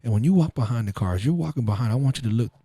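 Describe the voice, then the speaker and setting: A man's voice: mid-range voice, expressive, racing, mellow, slightly rough, no echo, studio quality. A man voicing a tough street gangster who lectures a teenage boy in a stern, profane way.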